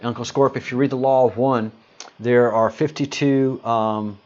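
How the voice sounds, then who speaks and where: A man's voice: mid-range voice, fairly even intonation, measured pace, a little mellow, lo-fi sound. A man hosting a casual livestream, greeting viewers and answering chat comments in a rambling, hesitant way with lots of fillers. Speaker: livestream host.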